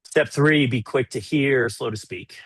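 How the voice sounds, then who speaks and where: A man's voice: medium pitch, unhurried, fairly bright tone, breathy edge, dry recording. A man coaching on marriage in a webinar, talking conversationally and often checking in with "right?". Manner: acts out example dialogues. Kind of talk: webinar teaching.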